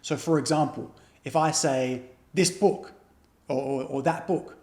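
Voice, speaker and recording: A man teaching a beginner language lesson, explaining patiently and repeating example phrases slowly and carefully. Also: medium pitch, steady tone, darkish tone, reverberant.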